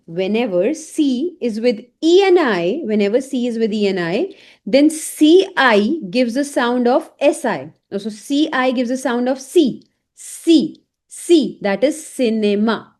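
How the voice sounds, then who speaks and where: Woman teaching slowly, repeating each word. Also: a little high, a little mellow. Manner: slow, repeats each word several times. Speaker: French teacher. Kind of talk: online language lesson.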